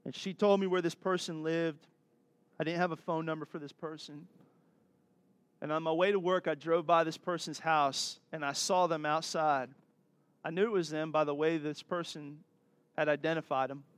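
A man delivers a sermon in an earnest, exhorting way. His voice sits fairly high for a man, and he drops into light asides with a laugh before pressing his point again. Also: steady tone, normal speed, clean tone, dry recording. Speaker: pastor.

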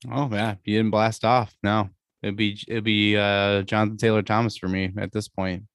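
A man's voice: on the low side, level tone, moderate pace, no echo, clean studio sound. A man hosting a casual sports podcast, joking and laughing often as he leads the chat. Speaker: podcast host.

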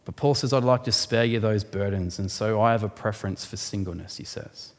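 A man preaching a sermon, explaining a Bible passage in an animated way and rising sharply for emphasis. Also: fairly low pitch, fairly quick. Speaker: pastor. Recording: long hall reverb.

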